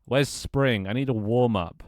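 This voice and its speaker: Streaming from a small room at home, this man from the UK chats casually, grumbling, swearing and laughing often. He speaks at medium pitch and a measured pace, his tone on the dark side. The recording is dry and clean, like a studio.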